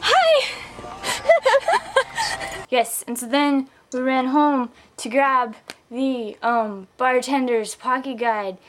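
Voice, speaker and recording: A tipsy young woman rambles through a story with a slightly high voice, giggling as she goes. She fills her talk with likes and ums, speaking into a handheld camera mic. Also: fairly even intonation, slow, background noise. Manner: giggly, rambling, full of fillers. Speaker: vlogger. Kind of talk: casual rambling vlog rant.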